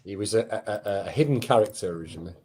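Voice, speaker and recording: A man's voice: fairly low pitch, expressive, rapid-fire, mellow, slightly rough. A man, a co-host in casual chat, who banters sarcastically and swears freely. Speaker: podcast co-host.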